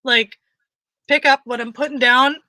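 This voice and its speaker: Woman, bright and forceful tone, slightly high, dry close sound, casual comic storytelling, animated. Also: normal speed, no echo. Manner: animated, frequent laughter, acts out quotes. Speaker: podcast co-host.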